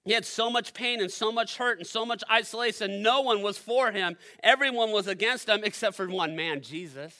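A man preaching in a high, bright voice at a church service. He speaks straight to the congregation and moves between loud, driving stretches and quiet, hushed ones. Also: moderate pace, few pauses. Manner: addresses the congregation directly. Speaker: pastor. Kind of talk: sermon.

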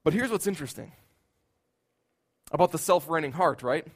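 A man preaching a sermon in an earnest voice, building at times into loud, emphatic outbursts. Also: a little high, expressive, normal speed.

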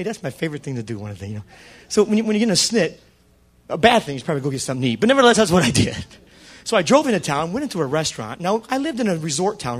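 A man's voice: a little high, breathy edge. A middle-aged male pastor preaching a story-driven sermon, acting out the dialogue in changing voices. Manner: animated, acts out dialogue with shifting voices.

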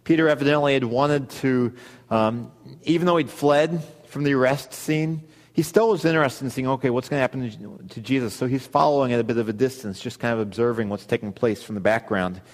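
Male pastor, mid-pitched, earnest sermon delivery; long reverb from a hall. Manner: earnest, reads scripture aloud with pauses.

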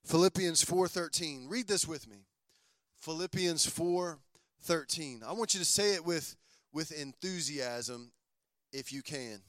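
A male pastor preaching a lively sermon, calling on his congregation to repeat lines after him. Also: on the high side, no room sound.

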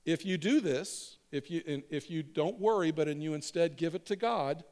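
A male pastor leads his congregation in echoing phrases during a conversational sermon. He speaks at a moderate pace in a voice on the high side that's a little mellow.

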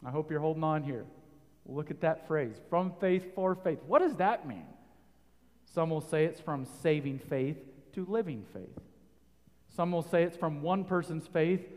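A man preaching a sermon, rising to loud emphatic peaks and putting questions to his listeners. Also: fairly high pitch, lively intonation, a little slow, in a large hall.

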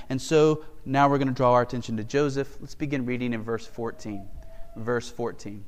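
A man's voice: medium pitch, a little fast, big-room sound. A man preaching an expository sermon as pastor, earnest and emphatic, asking rhetorical questions.

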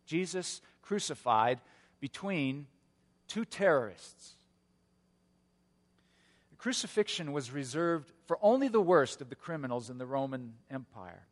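A male pastor preaching a sermon, telling a story in an earnest way with gentle humor. His voice sits a little high for a man, and it rings out with a long reverb in a church sanctuary. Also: very animated, a little slow, long pauses.

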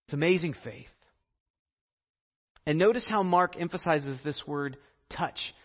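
A man preaching a sermon earnestly, repeating phrases and pausing for effect. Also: a little high, big-room sound, highs cut off. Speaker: pastor.

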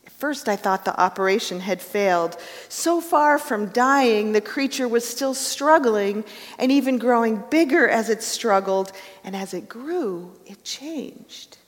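A woman preaching a sermon, telling a parable earnestly in a measured storytelling manner. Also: a little high, animated. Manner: earnest storytelling, softening to hushed prayer. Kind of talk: sermon with read-aloud story. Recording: long hall reverb.

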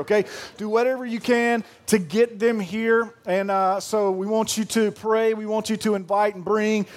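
High-voiced joking pastor in his thirties. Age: 30s. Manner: folksy, joking storyteller. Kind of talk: sermon.

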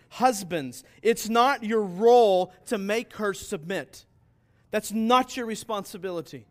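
High-voiced pastor preaching earnestly. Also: male voice. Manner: earnest, emphatic, asks rhetorical questions. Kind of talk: sermon.

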